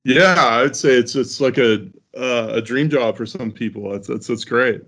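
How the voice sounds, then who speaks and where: A man's voice: medium pitch, a little slow, vocal fry, a bit bright. A man hosting an interview, asking hesitant, friendly questions and affirming often. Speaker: interview host. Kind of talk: casual interview conversation.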